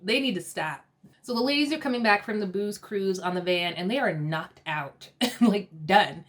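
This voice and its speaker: A woman's voice: mid-range voice, moderate pace. Laughing, chatty woman recapping a show. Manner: chatty, laughs often, acts out quotes in lively bursts. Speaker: TV recap vlogger. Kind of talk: casual episode recap.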